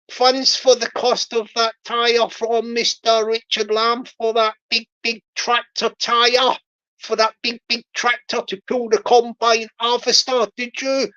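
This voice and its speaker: A woman's voice: on the high side, bright, forceful tone, highs cut off. A woman hosting a playful livestream, joking, repeating herself and greeting viewers by name. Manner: jokey, repetitive, greets viewers by name, laughs often. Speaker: livestream host.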